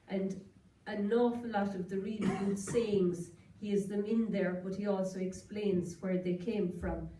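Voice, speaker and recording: A woman with a soft, mellow Kerry Irish accent gives a chatty, anecdotal talk to a gathered audience. She is picked up from some distance, so her voice rings around a reverberant room. A faint hiss sits under the recording. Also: mid-range voice. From Ireland. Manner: chatty, anecdotal, quoting sayings. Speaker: guest lecturer. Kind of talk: public talk. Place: lecture room, indoors.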